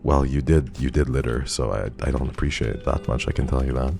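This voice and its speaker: A man's voice: very deep voice, steady tone, brisk, creaky, darkish tone. A male streamer giving live commentary on a game, talking to his chat and swearing in frustration.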